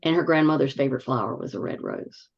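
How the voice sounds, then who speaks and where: Woman, low voice, easygoing group-chat storyteller, dull call audio. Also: fast talker, vocal fry. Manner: relaxed, chatty, with soft fillers. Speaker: member of a spiritual discussion group.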